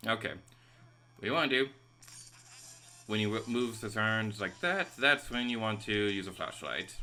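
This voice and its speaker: A male let's play host talks over his gameplay in a very bright, forceful voice. His pitch leaps around animatedly. He sounds excitable and quick to vent at the game. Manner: excitable, venting frustration at the game. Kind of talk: gameplay commentary.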